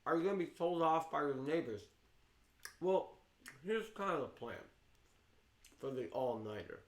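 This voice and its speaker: A man's voice: on the high side, lively intonation, moderate pace, reverberant. A man co-hosting a casual livestream, chatty and rambling, often restarting his sentences. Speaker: livestream co-host.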